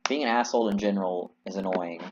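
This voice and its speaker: A man's voice: low-pitched, quick pace, muffled recording, a little hiss or hum. A man giving casual, rambling and candid commentary while playing a video game, swearing freely. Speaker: video game let's player.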